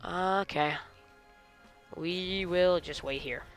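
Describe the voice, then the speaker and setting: A man giving live gameplay commentary, excitable and talking to himself and his enemies, with mock British slang now and then. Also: high-pitched, extremely slow, soft background music. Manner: excitable, talks to himself and the enemies mid-fight. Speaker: gaming channel host.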